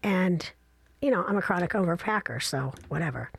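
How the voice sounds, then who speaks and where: A woman in her sixties telling a casual travel story, chatty and self-deprecating with animated asides. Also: on the low side, fairly quick, vocal fry, slightly rough, dry recording.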